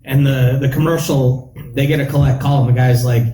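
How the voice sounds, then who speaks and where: A man in casual chat, chiming in with quick joking asides. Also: mid-range voice, little pitch movement, mellow. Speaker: podcast co-host. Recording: roomy with faint noise.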